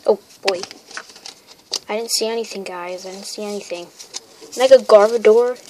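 A woman casually opening trading card packs, listing the cards and getting excited over good pulls. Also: medium pitch, normal speed. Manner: excitable, lists card names. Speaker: card pack opener. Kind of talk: casual unboxing chat. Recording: crinkling wrappers and noise behind.

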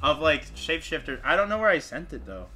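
A man's voice: on the high side, sing-song, fast talker, pushed and bright. A young man co-hosting a podcast, rambling casually with lots of fillers and laughter. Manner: rambling, laughs a lot, swears. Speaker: podcast co-host. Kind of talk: casual chat.

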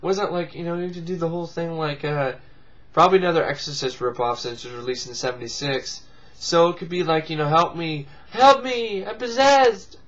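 A man's voice: on the high side, steady tone, fast talker, fairly bright tone, highs cut off. A man hosting a video blog, giving sarcastic, profane comic commentary and mocking things in squealed put-on voices. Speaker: vlog host. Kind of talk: casual comedic commentary.

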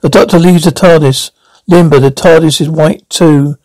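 Man narrating a script, high voice. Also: fairly even intonation, moderate pace, a little mellow, dry recording, rough recording. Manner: plain, stumbling reading with restarts. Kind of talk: amateur read-through of a script.

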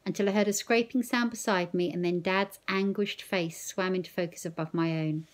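A woman teacher reading a novel aloud in first person, slow, measured and expressive. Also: fairly low pitch.

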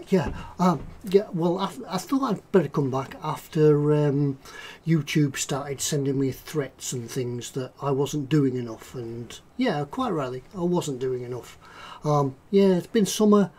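A man's voice: a little high, dark tone, a little hiss or hum. A man hosting a casual livestream about model making, chatting in a rambling, jokey way. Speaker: livestream host, model maker.

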